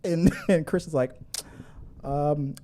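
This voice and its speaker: A man's voice: on the high side, slow pace, warm tone. A middle-aged man hosting a casual movie news livestream, rambling and laughing as he reads out viewer comments. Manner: rambling, chatty, laughs a lot, with frequent restarts.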